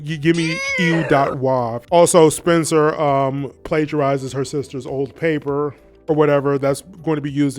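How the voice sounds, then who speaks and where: Man, casual commentary host, rambling, profane, laughs a lot, a bit high-pitched. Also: darkish tone. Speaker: video essay host.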